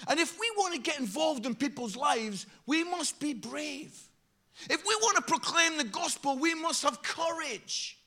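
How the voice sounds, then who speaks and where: A male preacher delivering an impassioned sermon in a strikingly high, bright voice. He drives his points home with repeated exhortations, his tone forceful and ringing. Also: animated, unhurried. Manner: impassioned, repetitive exhortations, acts out quoted voices.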